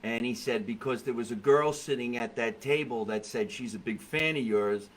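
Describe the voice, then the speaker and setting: A middle-aged man hosting a comedy podcast, telling stories in a jokey, animated way with quoted voices. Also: medium pitch, moderate pace, poor audio. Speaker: podcast host. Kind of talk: comedic casual chat. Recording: faint background noise.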